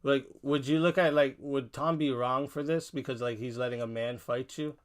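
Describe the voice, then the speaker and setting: A man's voice: mid-range voice, fairly even intonation, normal speed. A man hosting a casual debate chat who repeats himself and restarts his sentences. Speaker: debate show host.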